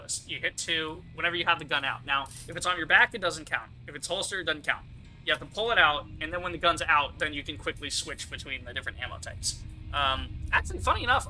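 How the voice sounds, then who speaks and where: A young man streaming a video game, talking casually and explaining each mechanic as he goes, with plenty of asides. His voice is very bright and sits a little high for a man, close to a desk mic with a faint hiss behind it. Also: rough recording. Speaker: gaming streamer. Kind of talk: casual let's-play commentary.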